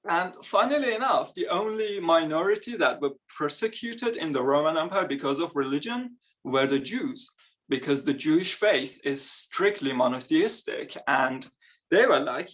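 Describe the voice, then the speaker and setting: Young man doing stand-up, slightly high voice. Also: expressive, normal speed, a bit bright. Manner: chatty, self-mocking, laughs between lines. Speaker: stand-up comedian. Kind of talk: stand-up comedy set. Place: live comedy event on stage.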